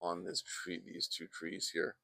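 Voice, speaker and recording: Man, painting instructor, low gravelly voice, chatty and digressive, close dry mic outdoors. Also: completely flat delivery, unhurried, sharp tone, no echo. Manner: chatty, wandering off into asides. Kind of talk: casual painting demonstration. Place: outdoors in a backyard. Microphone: close microphone.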